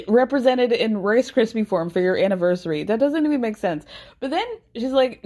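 A young woman hosts a gossipy TV recap in a sassy, sarcastic tone. Her voice sits a little high and swoops all over the place as she riffs. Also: brisk. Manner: sassy and animated, with sarcastic asides. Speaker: recap podcast host.

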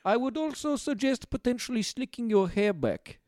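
A man's voice: very high-pitched, normal speed, no room sound, studio quality, voice pushed up. Man doing a boastful dictator with a mock accent. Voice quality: mock Eastern European accent. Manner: deadpan, boastful, menacing jokes. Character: pompous male dictator giving fashion tips. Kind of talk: comedy improv interview.

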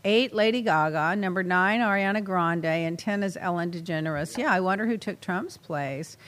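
A woman's voice: lowish voice, normal speed, fairly bright tone. A woman hosting a casual chat show, chatty and opinionated, laughing as she reads out jokes. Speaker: host.

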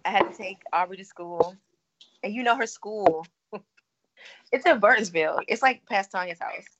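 A woman's voice: medium pitch, normal speed, a bit bright, a little hiss or hum. A woman chatting with friends on a podcast, telling her story with energy and slipping into the voices of the people she quotes. The audio is a little dull. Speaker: podcast co-host. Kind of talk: casual chat.

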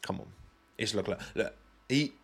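A man's voice: lowish voice, normal speed. A young British man with a British accent hosting a podcast, chatting loosely and directly to his live audience with plenty of self-deprecating asides. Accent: British English. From Britain. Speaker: podcast host. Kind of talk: casual solo chat with live chat.

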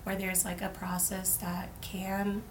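A woman's voice: mid-range voice, monotone, slow. Young woman, casual podcast co-host, filler-heavy, faint background noise. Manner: chatty, filler-heavy with frequent "like". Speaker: podcast co-host, life coach. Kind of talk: casual chat.

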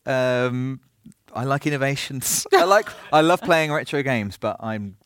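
A man's voice: medium pitch, unhurried, smooth, no room sound, clean studio sound. A man hosting a live podcast on stage, joking and laughing as he talks. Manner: jokey, animated, laughs a lot. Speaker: podcast host. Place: stage before a live audience.

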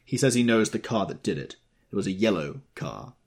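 A man reading as a gruff, commanding rich man. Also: lowish voice, lively intonation, fairly quick, pitched above the performer's own voice. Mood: firm. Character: brusque, forceful wealthy man taking charge. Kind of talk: audiobook character reading.

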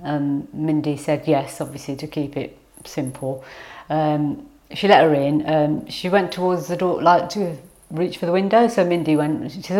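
Low-voiced middle-aged mother, hesitant. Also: steady tone, moderate pace, a little mellow. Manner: hesitant, many ums and restarts. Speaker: interviewee, mother. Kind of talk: casual interview.

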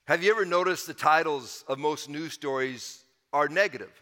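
A man's voice: a little high, normal speed, pushed and bright, long reverb tail. A man preaching a sermon as pastor, emphatic and repeating his key phrases for the congregation.

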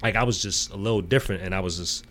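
A middle-aged man from the Bronx, telling a profane, animated story as a podcast guest. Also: low voice, racing. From the Bronx, New York. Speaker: podcast guest, sneaker collector. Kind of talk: casual storytelling in an interview.

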